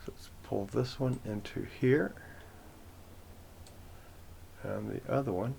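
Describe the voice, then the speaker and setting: A man's voice: lowish voice, takes it slowly, vocal fry, darkish tone, a little hiss or hum. A man hosting a forex trading channel, talking casually through his chart trend lines with rambling self-corrections and joking asides. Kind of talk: casual screen-share chart walkthrough.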